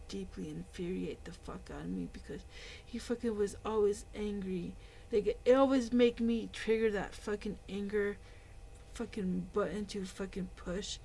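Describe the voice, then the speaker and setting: A woman giving a heated, profane rant as a video commentator, with loud outbursts between quieter muttering. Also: mid-range voice, creaky, a little hiss or hum, low-quality recording. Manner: profane, heated rant full of filler words. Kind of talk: angry ranting commentary.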